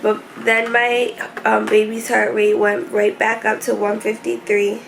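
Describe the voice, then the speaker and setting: Young woman vlogger with a gravelly edge. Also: mid-range voice, completely flat delivery, slight background noise, rough recording. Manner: emotional, rushed retelling with many fillers. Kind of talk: casual storytelling vlog. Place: hospital room.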